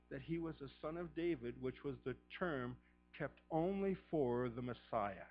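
A middle-aged man preaching a sermon as pastor, fervent, swinging from a hushed voice to shouting. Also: mid-range voice, animated, measured pace, lo-fi sound, soft background music.

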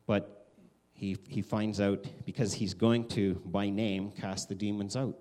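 A man preaching a conversational sermon, animated, acting out quoted voices with big swings. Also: on the low side, a little slow. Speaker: pastor.

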